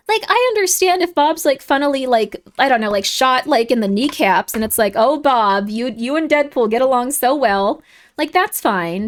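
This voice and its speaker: A high-pitched woman streams casually, reading out viewer comments in an animated, rambling way and getting worked up quickly.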